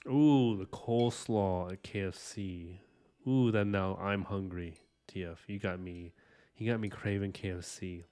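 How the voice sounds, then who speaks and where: A man's voice: low voice, fairly even intonation, a little slow, dark tone, clear, resonant tone. A man casually chatting with his live-stream viewers, rambling enthusiastically with lots of "like" and "you know". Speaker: livestream art host chatting with viewers.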